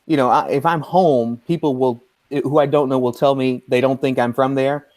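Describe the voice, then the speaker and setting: A man's voice: mid-range voice, fairly even intonation, normal speed, darkish tone. A man from Alabama with a light Southern accent, a guest meteorologist, friendly and self-deprecating. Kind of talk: casual interview.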